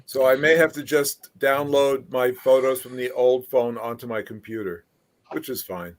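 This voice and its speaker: Man, middle pitch, hesitant casual talk. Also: steady tone, moderate pace. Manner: hesitant, trails off. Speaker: chat guest. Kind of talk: casual chat.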